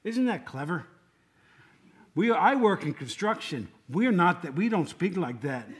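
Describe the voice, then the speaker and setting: A lay preacher gives a casual, joking sermon, chatting with the congregation and often asking them questions. His husky male voice sits high and is very animated, though his pace stays measured.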